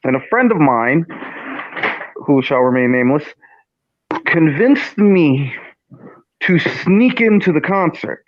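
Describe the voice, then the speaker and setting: A man telling a funny personal story in a casual, animated way as co-host. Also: takes it slowly, long pauses, noisy background. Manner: animated, swings pitch up for quoted lines. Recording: dull lo-fi audio.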